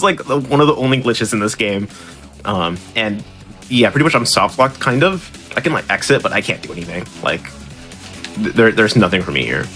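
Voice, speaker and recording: A man's voice: fairly low pitch, pushed and bright. A man commentating his own speedrun, rambling, laughing a lot and mocking himself. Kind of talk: casual commentary while playing.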